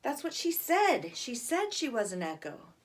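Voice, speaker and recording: A woman's voice: sits high, wildly swooping pitch, measured pace, voice pushed up, heavily acted. A woman doing an eager little boy. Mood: eager, pleading. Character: young boy, excitable and easily frightened.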